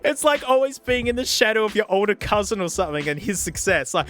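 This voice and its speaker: A young man giving a casual, comedic product review, excitable and mock-outraged, laughing often. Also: high voice, fairly quick, no room sound. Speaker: tech YouTuber. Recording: faint music behind.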